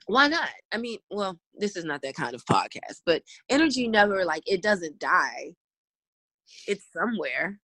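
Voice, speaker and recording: Laughing, animated woman podcast co-host. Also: mid-range voice, no room sound. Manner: laughs often, playful, swears casually. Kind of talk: casual chat.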